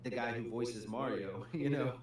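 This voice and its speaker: A man's voice: medium pitch, moderate pace. A man co-hosting a gaming stream, chatting casually and peppering his talk with "dude" and "man". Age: adult with a young child. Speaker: gaming channel co-host. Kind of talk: casual livestream chat. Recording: echoey room with faint hum.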